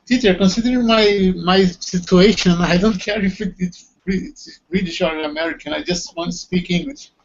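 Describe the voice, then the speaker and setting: Man student on a video call, high husky voice, reads words real slow, muffled audio. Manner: slow, careful, deliberate. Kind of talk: reading word lists aloud.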